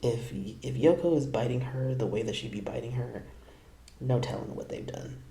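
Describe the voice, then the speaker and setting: Laid back dude reacting to clips, laughs a ton, gravelly and mellow. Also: male voice, medium pitch, normal speed, reverberant. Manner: giggly, laughs often, playful asides. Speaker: reaction video host. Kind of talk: casual reaction commentary.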